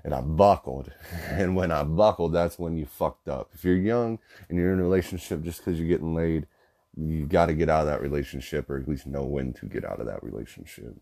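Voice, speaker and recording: A man's voice: very deep voice, brisk, gravelly, mellow. A young man in his twenties telling a personal story casually, rambling with lots of fillers and swearing. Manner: rambling, profane, filler-heavy.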